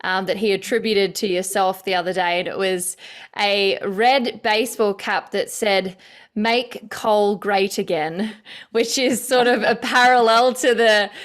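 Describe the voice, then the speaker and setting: A woman's voice: medium pitch, steady tone, unhurried. A woman hosting an interview, chatty, with a lot of listening murmurs. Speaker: host.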